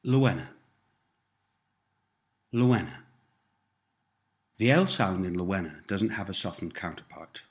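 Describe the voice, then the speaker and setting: A man's voice: low-pitched, expressive, moderate pace, few pauses. A man giving a scripted language lesson, prompting words and phrases for repetition and patiently explaining how sounds change. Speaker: language teacher.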